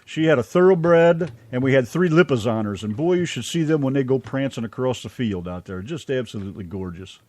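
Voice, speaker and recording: A man's voice: mid-range voice, expressive, fairly quick, hardly any pauses, darkish tone. A man hosting a radio interview show, enthusiastic and folksy in casual chat.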